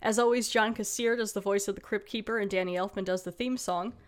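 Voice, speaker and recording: A woman's voice: medium pitch, steady tone, quick pace. A woman hosting a casual podcast, playful and laughing often as she reads out credits. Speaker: podcast host.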